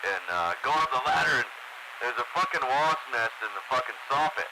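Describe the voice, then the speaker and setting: Swearing male radio co-host with a middle-range voice, telling rambling anecdotes, loud noise behind him. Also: mid-range voice, animated, a little fast. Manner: profane, swears constantly while telling stories. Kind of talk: casual chat.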